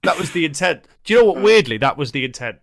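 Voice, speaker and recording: A man's voice: fairly high pitch, sing-song, fast, gravelly. A young man co-hosting a podcast, teasing his friend with dry humour. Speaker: podcast co-host. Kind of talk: casual banter.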